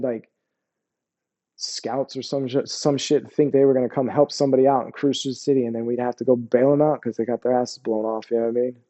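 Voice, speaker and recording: This forties-aged man, a former Army soldier appearing as a guest, speaks in a mellow mid-range voice. He wanders through his war stories with plenty of swearing and keeps checking "you know what I mean" as the interview stays candid.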